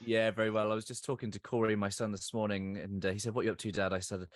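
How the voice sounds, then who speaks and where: A man hosting a podcast interview, chatty and quick to laugh. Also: lowish voice, flat delivery, no echo, studio quality. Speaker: podcast host.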